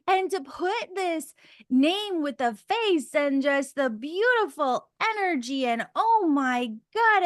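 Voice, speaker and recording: A woman's voice: very high voice, fairly bright tone, no room sound, clean studio sound. A woman hosting a podcast and telling a story in a casual, gushing way, full of fillers like "like" and "oh my God.". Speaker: podcast host.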